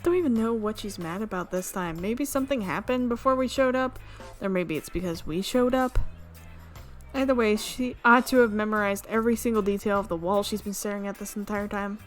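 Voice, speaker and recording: A woman streamer reading a visual novel aloud, amused and quick to laugh. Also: mid-range voice, faint music behind. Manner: amused, reads with frequent laughs.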